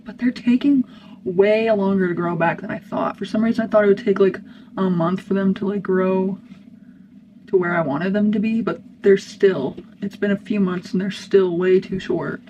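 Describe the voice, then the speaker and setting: A woman's voice: medium pitch, normal speed, lo-fi sound. A young woman chatting casually while doing her hair for a get-ready-with-me vlog. She rambles, loses her train of thought and jumps between topics. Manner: rambling, scattered, easily sidetracked. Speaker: vlogger. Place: family room at home, indoors. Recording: audible background noise.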